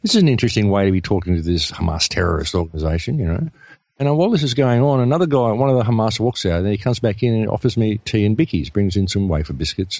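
A man's voice: on the low side, a little mellow, no echo. An Australian man, a radio guest, telling a long story in a casual, rambling way with many fillers.

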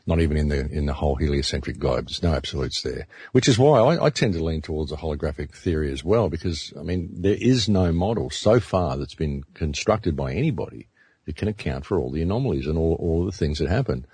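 A man's voice: a bass voice, animated, brisk, dark tone, husky, no room sound. A man, a radio announcer, talking earnestly in a casual discussion and often repeating words as he thinks.

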